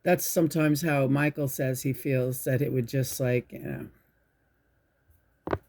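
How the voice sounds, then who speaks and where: A woman hosting her own channel, telling a spiritual story in a rambling, halting way, restarting her sentences and swearing. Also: a bass voice, steady tone, vocal fry, darkish tone. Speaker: channel host. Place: indoors at home.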